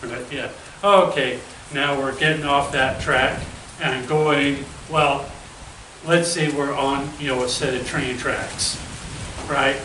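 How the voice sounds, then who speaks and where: A man's voice: medium pitch, steady tone, slow, pushed and bright. A man hosting a casual interview, rambling and often checking in with "right?". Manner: rambling, keeps asking "right?". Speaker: interviewer host. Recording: echoey room, far from the mic, noisy.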